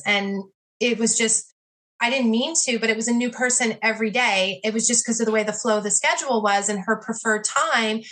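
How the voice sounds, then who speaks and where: A woman's voice: on the high side, bright, forceful tone. A woman chatting casually as a podcast guest about her pet sitting business, full of "like" and "you know" and acted-out quotes. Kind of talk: casual interview chat.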